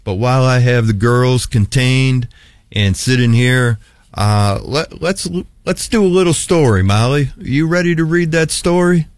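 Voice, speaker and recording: Friendly guy on the radio cheering on kids, mid pitch, super dry close sound, keeps repeating words. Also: expressive, a little slow, no room sound. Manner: upbeat, encouraging, repeats words. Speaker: radio show host. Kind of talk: casual radio chat with children.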